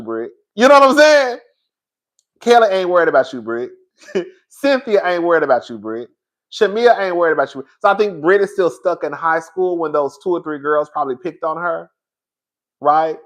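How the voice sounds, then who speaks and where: A man hosting a casual reality TV review, talking in an animated, sassy way with frequent laughs and calling his viewers "girl.". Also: a little high. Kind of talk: casual opinionated commentary.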